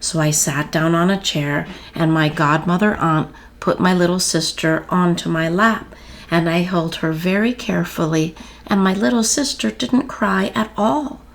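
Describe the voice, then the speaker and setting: A woman reading a children's story aloud in a gentle storytelling manner with expressive pauses. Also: lowish voice, vocal fry.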